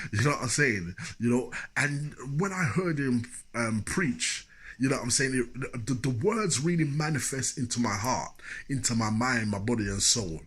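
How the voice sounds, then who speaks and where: Guy telling a story, husky voice, chatty, lots of asides. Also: mid-range voice, animated, normal speed, fairly bright tone. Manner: chatty, full of fillers and asides. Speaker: motivational speaker. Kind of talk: personal storytelling.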